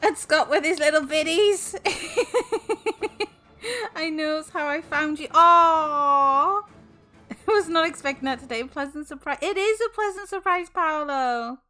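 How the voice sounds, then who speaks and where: A woman's voice: high-pitched, measured pace, bright, forceful tone, soft background music. A young woman streaming live, casually chatting and effusively thanking her viewers, often exclaiming in shock.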